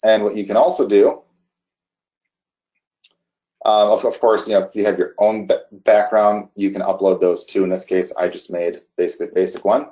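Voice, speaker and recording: A man casually walking through a software demo on screen, halting often with restarts and fillers. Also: on the low side, flat delivery. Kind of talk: casual screen-share walkthrough.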